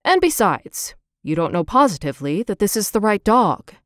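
A woman voicing a wealthy, kindly old grandfather who speaks quickly and decisively in a storybook reading. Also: mid-range voice, sing-song, dry recording, studio quality. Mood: firm. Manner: quick, decisive, gently warm.

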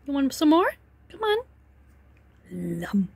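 A woman with a very high, bright voice talks to her cat in a slow, playful, teasing way and laughs often. Her pitch swings widely. The sound is dry and close, recorded indoors at home. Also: sing-song, dry recording. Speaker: pet vlogger. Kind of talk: casual talk to her cat.

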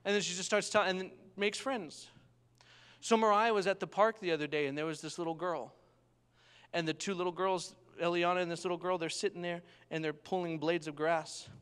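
Moving at a brisk clip with a clean tone, a young male minister preaches through lively storytelling and repeatedly asks for an amen. His pitch is rather high for a man, and the recording carries the long reverb of a big church hall.

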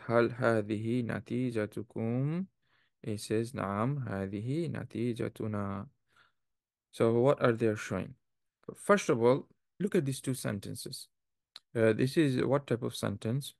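Male teacher, gravelly and dry, explains grammar patiently and quizzes students. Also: medium pitch, no echo. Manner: patient, explanatory, asks the class questions. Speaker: Arabic teacher. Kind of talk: classroom lesson explaining grammar.

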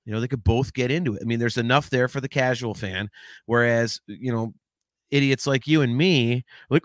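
A man co-hosting a podcast in casual chat, talking in an animated, rambling way with lots of restarts and swearing. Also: mid-range voice, moderate pace, dry recording, studio quality. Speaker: podcast co-host.

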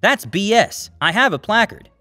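A man voicing a furious entitled middle-aged man who shouts and swears. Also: high-pitched, very animated, normal speed, no room sound, faint music behind, voice pushed up, exaggerated voice.

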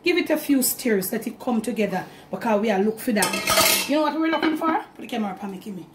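Animated and fast, a woman with a fairly high pitch demonstrates home cooking in her kitchen, addressing the camera in a chatty mix of Jamaican-accented English and Patois. The recording is reverberant and very noisy.

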